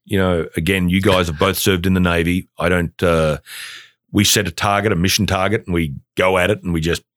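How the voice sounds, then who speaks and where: A man's voice: low-pitched, fairly even intonation, a little fast, fairly bright tone, dry recording, studio quality. A man from Australia, a guest chatting eagerly on a podcast about his business, rambling with plenty of fillers. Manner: enthusiastic, rambling with many fillers. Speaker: guest, bourbon company founder. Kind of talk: casual podcast chat.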